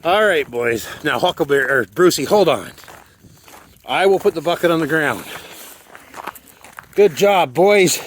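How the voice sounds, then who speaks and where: A man filming outdoors on his farm, out of breath as he walks his animals through deep snow and coaxes them along in a high, encouraging voice. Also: slight background noise. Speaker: farm owner. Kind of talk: casual vlog narration.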